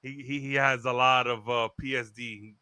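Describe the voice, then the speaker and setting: Brief: podcast host man, bright clear voice, slightly high, dry and close, laughs a lot. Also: steady tone, normal speed, no echo. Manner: laughs often, uses fillers when plugging the show. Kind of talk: casual sports banter, show sign-off.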